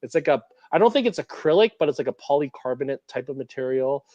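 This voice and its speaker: A man's voice: mid-range voice, lively intonation, fast, dark tone, no echo, muffled recording. A man from Canada, a guest in a casual interview, talking animatedly with lots of fillers. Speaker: interview guest, model builder.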